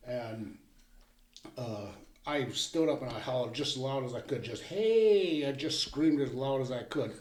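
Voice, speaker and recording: A man's voice: mid-range voice, normal speed. An older man telling his story as a podcast guest in a plainspoken, folksy way. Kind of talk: casual storytelling. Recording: roomy echo.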